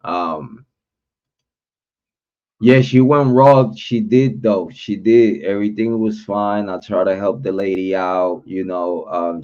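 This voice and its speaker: A man's voice: deep voice, darkish tone. A man hosting a livestream, ranting bluntly and cursing a lot as he calls people out. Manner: blunt, profane call-out talk. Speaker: livestream host. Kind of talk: livestream rant. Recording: dull lo-fi livestream audio.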